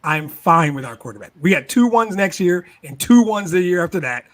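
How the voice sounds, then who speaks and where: A man in casual sports podcast chat, animated, laughing often and repeating words as he argues his point. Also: sits high, brisk. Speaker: sports talk show regular.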